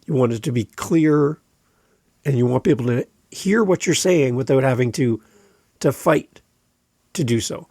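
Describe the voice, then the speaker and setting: A man's voice: mid-range voice, expressive, unhurried, pauses often, a little mellow, no room sound. A man hosting a podcast and coaching other podcasters, giving advice in a direct, emphatic way and repeating his key points. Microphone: close studio microphone.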